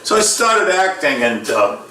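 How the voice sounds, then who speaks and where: A man's voice: a little high, measured pace. A man with a Boston accent doing a sarcastic stand-up comedy routine. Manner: sarcastic, deadpan delivery with loud mock voices. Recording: echoey room, distant mic, faint noise.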